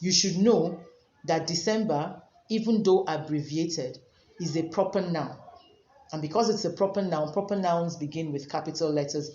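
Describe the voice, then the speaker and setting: A woman teacher giving a virtual English lesson, explaining slowly with repetition and emphasis. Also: sits low, warm tone. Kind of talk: virtual class lecture. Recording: roomy, dull lo-fi recording.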